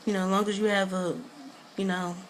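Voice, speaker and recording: Brief: woman vlogger, middle pitch, chatty and rambling, gossipy review tone. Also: little pitch movement, brisk, slight background noise. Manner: rambling and gossipy, full of "um" and "you know". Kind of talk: casual chat.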